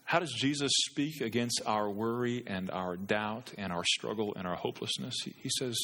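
A man's voice: on the low side, normal speed, few pauses, fairly bright tone. A man in his thirties preaching a sermon as a pastor, earnest and building to impassioned pleading. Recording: long reverb of a large hall.

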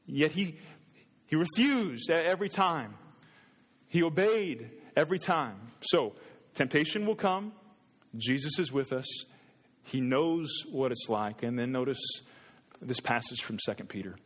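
A man's voice: on the high side, expressive, measured pace. A man preaching a sermon as a pastor, earnest and conversational, often restarting his words. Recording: long reverb in a hall.

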